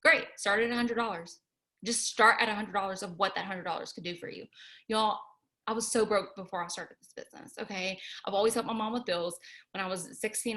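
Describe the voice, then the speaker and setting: A woman's voice: mid-range voice, pushed and bright. A young woman giving an earnest, chatty motivational talk, full of "like" and "y'all.". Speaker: motivational speaker.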